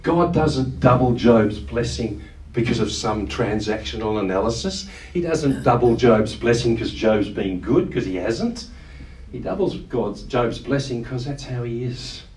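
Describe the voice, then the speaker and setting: A man preaching with earnest emphasis, his voice standing back from the microphone in a room that echoes. He draws out quoted lines and leans hard on key words, in a middle pitch for a man. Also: measured pace, a little mellow, distant mic, a little hiss or hum. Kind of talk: sermon.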